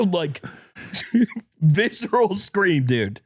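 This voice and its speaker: A man co-hosting a podcast with a congested chest, telling a story in casual chat and acting out quotes in a shrill voice. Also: expressive, slow pace, no room sound, clean studio sound. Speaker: podcast co-host.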